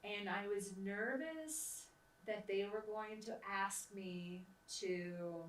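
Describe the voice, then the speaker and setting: A woman's voice: mid-range voice, takes it slowly, recorded from a distance, a little hiss or hum. A woman hosting her own show, telling stories casually and laughing often as she talks. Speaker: host interviewing herself. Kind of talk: casual anecdotal storytelling. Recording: echoey room, voice a bit off-mic.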